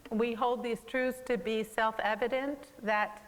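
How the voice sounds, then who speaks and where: A woman's voice: fairly high pitch, fairly even intonation, unhurried, in a large hall, a little hiss or hum, poor audio. A woman artist giving a conversational gallery talk about her work, explaining at an easy pace with frequent fillers. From American. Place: museum gallery.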